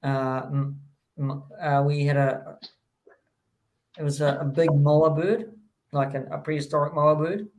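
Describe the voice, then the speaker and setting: A man's voice: a little high, fairly even intonation, measured pace, pauses often, a little mellow, poor audio. A man hosting a casual chat, rambling with lots of ums and restarts. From New Zealand.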